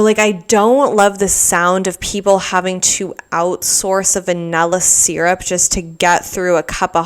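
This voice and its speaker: A woman's voice: lowish voice, smooth. A young woman hosting her own podcast, rambling casually with lots of "like" and sarcastic asides. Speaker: podcast host. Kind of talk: casual solo podcast chat.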